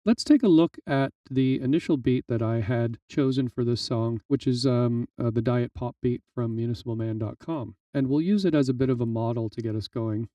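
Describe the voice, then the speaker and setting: Male tutorial host, relaxed explainer with plenty of fillers, dark mellow tone, dry room, set back from the mic. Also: medium pitch, normal speed, few pauses, dry recording, far from the mic, highs cut off. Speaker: music tutorial instructor. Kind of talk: screen-recorded software tutorial.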